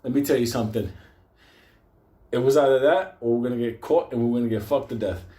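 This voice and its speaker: A man with a New York accent telling a wild story with constant swearing, getting loud and excited at the scary parts. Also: medium pitch, a little fast, reverberant, a little hiss or hum. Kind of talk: profane comic storytelling.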